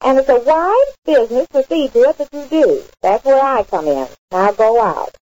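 A breezy, scatterbrained wife. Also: female voice, sits high, very animated, moderate pace, warm tone, no echo, poor audio. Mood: insistent. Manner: breezy, insistent, mangles words. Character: scatterbrained bossy wife, chatty, full of malapropisms. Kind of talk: 1930s radio comedy acting.

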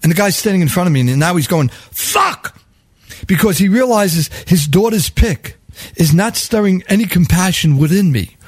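Wry high-voiced New storyteller. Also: male voice, expressive, brisk, a little mellow, slightly rough, no echo. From New York. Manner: wry, sardonic, chuckling, wordy. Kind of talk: comic storytelling monologue.

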